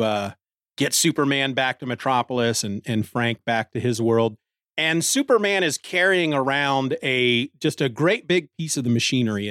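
A man's voice: mid-range voice, fairly bright tone, no echo. A man with a mid-range voice is recapping a comic book on his podcast. He rambles a little, restarts his sentences and sounds casual. The recording is dry and close, with no room sound. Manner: rambling, with restarts and short laughs. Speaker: podcast host reviewing a comic.

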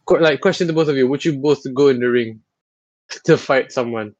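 A man hosting a podcast in casual chat, teasing and animated, with lots of fillers. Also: mid-range voice, a little fast, no room sound, highs cut off. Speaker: podcast host.

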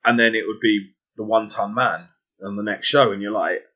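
A man's voice: lowish voice, steady tone, fairly quick, sharp tone, highs cut off. An English man co-hosting a podcast in casual chat, talking in rambling stretches with jokey asides and restarts. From England. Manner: chatty, self-interrupting, jokey asides. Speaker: podcast co-host.

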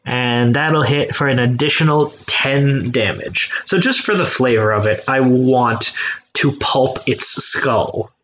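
An excitable man at a tabletop game, cursing freely as he describes his character's moves. His voice is bright and forceful, delivered slowly over a faint hiss of background noise. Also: medium pitch. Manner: excitable, swears often, narrates his character's actions. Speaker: player. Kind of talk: casual tabletop game play.

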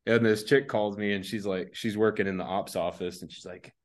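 Laid-back low-voiced male storyteller. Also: steady tone, fairly quick. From United States. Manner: rambling, laid-back, laughs through his stories. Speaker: podcast guest, army veteran. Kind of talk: casual anecdotal storytelling.

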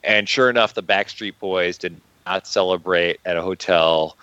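A man's voice: low-pitched, moderate pace, sharp tone, dry recording, muffled recording. A man co-hosting a podcast, telling anecdotes with playful, mock-grand flair. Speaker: podcast co-host. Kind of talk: casual chat, storytelling.

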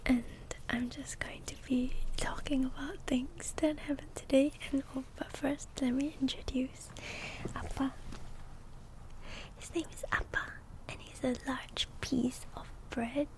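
A young woman, a little congested, chatting in soft-spoken ASMR and rambling through a story with lots of "okay?". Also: high voice, little pitch movement, a little slow. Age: young adult. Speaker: ASMR creator.

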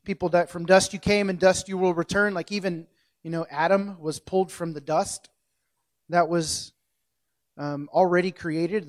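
High-voiced man giving a casual sermon. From central United States. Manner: jokey, self-correcting, loosely conversational. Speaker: preacher.

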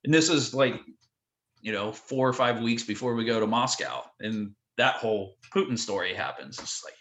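A man telling wild stories in a casual podcast interview, animated and full of "like" fillers. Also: mid-range voice, normal speed. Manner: animated, lots of "like" fillers, acts out quotes. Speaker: guest telling tour stories. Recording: roomy echo.

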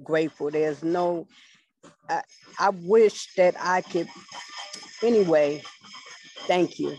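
A woman on a group call thanking the class, halting and close to tears. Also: lowish voice, a little mellow, highs cut off. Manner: halting, restarts, fighting back tears. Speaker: class participant.

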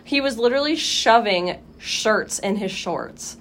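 A young woman spins a tale on a casual podcast, lively and profane, acting out her own side of the story in quick asides. A faint hiss of background noise sits under her voice. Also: on the high side. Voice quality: animated, swears freely, acts out her own reactions. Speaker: podcast co-host.

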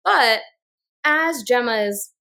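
A woman's voice: a little high, expressive, vocal fry, bright, forceful tone. A woman co-hosting a podcast, recapping a reality show in casual chat and acting out quotes from the cast. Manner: fast recapping with acted-out quotes. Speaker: podcast co-host.

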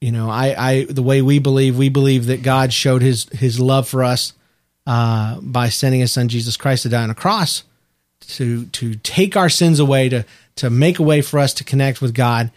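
A man's voice: mid-range voice, steady tone, normal speed, dry recording, clean studio sound. A man co-hosting a casual podcast, speaking in an earnest, reflective way. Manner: earnest, reflective, talks about faith. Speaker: podcast co-host. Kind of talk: casual chat.

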